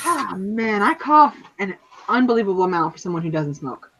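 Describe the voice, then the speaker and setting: A woman in casual group chat who talks quickly and chattily, laughing as she goes. Her mic sounds a little dull and lo-fi. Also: mid-range voice, sing-song, a bit bright, a little hiss or hum.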